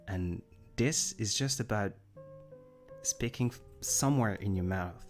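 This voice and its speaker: A young French man with a fairly low voice chats casually on a livestream, his English carrying an American lean over French roots. He rambles, laughs at himself and mixes in French now and then. Soft music plays faintly behind him. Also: a little slow. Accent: French-tinged American English. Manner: rambling, self-deprecating, switches between English and French. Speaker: livestream host. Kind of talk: casual livestream chat reading viewer comments.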